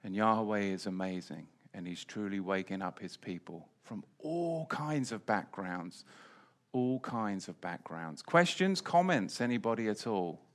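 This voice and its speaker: A man's voice: on the low side, lively intonation, a little slow. Emphatic man teaching scripture. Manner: emphatic, repeats key phrases. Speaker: preacher. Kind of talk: Bible teaching.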